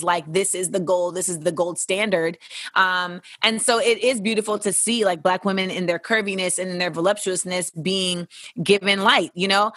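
A young woman hosts a casual chat, answering listener questions bluntly, candidly and sometimes profanely, putting on playful voices for quotes. Her voice is medium-pitched with a sharp tone, recorded at studio quality with no room sound.

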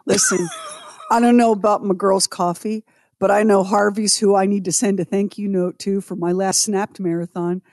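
A woman's voice: medium pitch, very animated, normal speed, darkish tone, no room sound, clean studio sound. A woman co-hosting a casual talk show, wry and joking. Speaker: podcast co-host. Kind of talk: casual chat.

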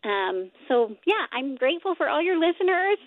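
High squeaky woman on a phone line. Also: sing-song, normal speed, no echo. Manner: rambling, self-correcting, laughs often. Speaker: guest, nonprofit co-founder. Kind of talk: casual interview talk.

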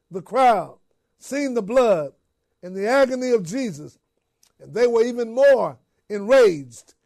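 A man preaching a dramatic first-person sermon story in a high-pitched voice. He takes his time, drawing out each phrase. Repeated refrains sink to a hush. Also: creaky.

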